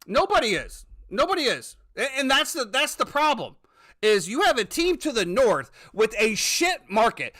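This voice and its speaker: Man, high voice, bright tone, profane ranting sports talk host. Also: very animated, normal speed. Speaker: podcast host.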